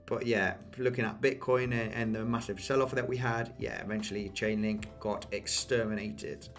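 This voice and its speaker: A man's voice: lowish voice, fairly even intonation, normal speed, soft background music. Man giving casual crypto chart talk. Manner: repetitive, addresses viewers as guys, frequent "okay?" and "you know". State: losing his voice, coughing. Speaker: crypto market analyst. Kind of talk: casual chart analysis commentary.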